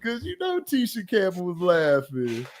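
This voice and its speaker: A man, chatting casually as a podcast host, loud and laughing, acting out movie scenes in slang. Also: high voice, wildly swooping pitch, moderate pace. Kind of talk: casual chat.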